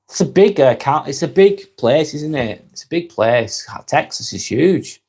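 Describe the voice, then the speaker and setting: A man with a Lancashire accent hosting a live stream, reading viewer comments aloud and talking in a gentle, reflective way. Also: on the high side, expressive, unhurried, husky. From Northwest England.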